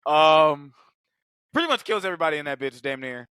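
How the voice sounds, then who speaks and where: A man's voice: a little high, lively intonation, a little fast, clear, resonant tone, dry recording, studio quality. A man co-hosting a podcast, recapping a film in loose, profane casual chat and acting out the characters' lines. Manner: profane, loose storytelling, acts out quotes loudly. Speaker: podcast co-host.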